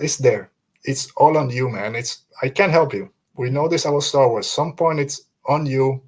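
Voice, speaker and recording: A man's voice: medium pitch, moderate pace. A man hosting a fan podcast, talking earnestly and emphatically, quoting film lines and repeating himself to drive a point home. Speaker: podcast host.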